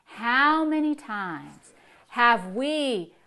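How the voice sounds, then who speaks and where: A woman pastor delivering a sermon, telling a story in a voice that drops low and then rises with emphasis. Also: very animated, drawn-out words. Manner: storytelling preacher, swings from hushed to emphatic.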